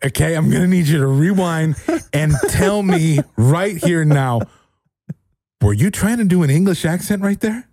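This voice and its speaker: A man's voice: on the high side, moderate pace. A man co-hosting a podcast, teasing his guest in casual chat and laughing often. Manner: animated, teasing, laughs a lot. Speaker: podcast co-host.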